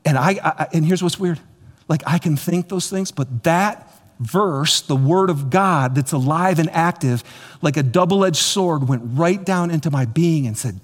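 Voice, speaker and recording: A man preaching a sermon as pastor, animated and repetitive, speaking straight to his congregation. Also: fairly high pitch, measured pace. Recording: long hall reverb.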